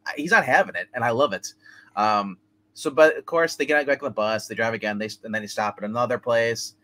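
A man's voice: medium pitch, fairly quick, a bit bright. A man hosting a movie review podcast, rambling through a plot recap with lots of fillers and laughs. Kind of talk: casual chat.

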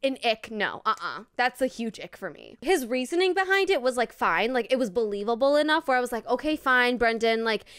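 A young woman co-hosting a casual book club podcast, giggly and animated, with lots of "like". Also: a little high, fairly quick, few pauses, smooth, no room sound, clean studio sound. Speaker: podcast co-host.

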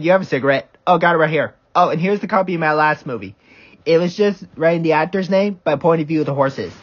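A man's voice: on the high side, breathy edge, muffled recording. A man fan-dubbing a cartoon, switching voices playfully. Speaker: fan dubber. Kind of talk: comedic fan dub of a cartoon.

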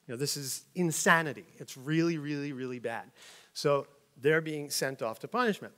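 A middle-aged man teaching the Bible in a casual, conversational way, reading passages aloud and explaining them with loud emphatic peaks. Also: on the high side, moderate pace.

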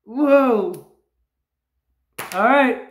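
An excitable man vlogging his scratch-off tickets, breaking into loud repeated cries and catchphrases. His voice sits high and stretches words out slowly. The room around him rings with echo. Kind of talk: live reaction while scratching tickets. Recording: roomy echo.

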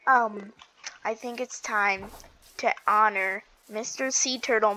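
A woman chatting casually while playing a video game, excitable and giggly, gasping and stammering as she goes. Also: medium pitch, slow, a little hiss or hum, rough recording. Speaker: gaming video host. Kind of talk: casual gameplay chat.

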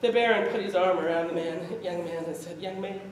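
A woman storyteller telling a folk tale to a live audience, lively and often laughing as she acts it out, in a festival hall. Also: lowish voice, fairly quick, slight background noise. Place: event hall at a medieval arts festival. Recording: echoey hall from far off.

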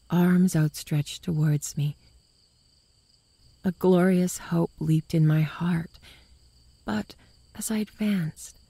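A woman with a low, breathy voice narrates a ghost story from a script. She reads slowly and often sinks into a whisper. The recording is close and dry. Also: no room sound. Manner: hushed, often whispering delivery.

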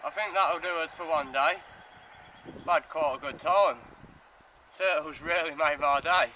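A man with a fairly high voice chats at an easy, slow pace on a riverbank. Clear outdoor noise runs under his casual, friendly vlog talk. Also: low-quality recording. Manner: chatty, talks softly to the turtle. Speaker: magnet fishing vlogger.

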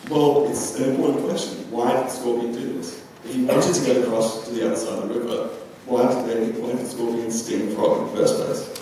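A man's voice: mid-range voice, fairly even intonation, fairly quick, hardly any pauses, warm tone, slight background noise. A young man giving a philosophy talk at a conference, loose and chatty with frequent ums. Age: young adult. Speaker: conference speaker. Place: large lecture hall. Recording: echoey hall from far off.

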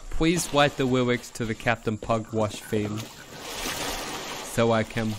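A man's voice: medium pitch, unhurried. A man streaming a game, chatting playfully in a put-on cutesy uwu voice that turns his r sounds into w. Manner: playful, silly asides. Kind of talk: casual live-stream chat while gaming. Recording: steady background noise under the voice.

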